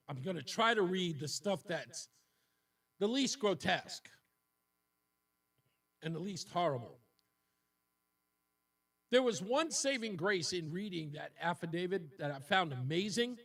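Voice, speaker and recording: Radio host guy, fired up and upset, pretty high voice, mic a bit far off. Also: fairly bright tone. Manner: indignant, emotional, repeats points for emphasis. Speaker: radio talk show host. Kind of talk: talk radio monologue.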